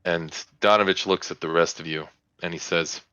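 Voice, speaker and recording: Low, bright-voiced male game master. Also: steady tone, clear, resonant tone, dry recording, lo-fi sound. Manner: casual, halting narration. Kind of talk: narrating a tabletop game.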